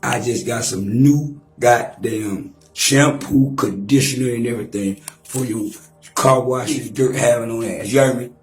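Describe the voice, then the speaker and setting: A man's voice: mid-range voice, unhurried, roomy sound, faint music behind. A man in his forties trash-talking and taunting on a profane livestream rant, mock-rapping at times. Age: 40s.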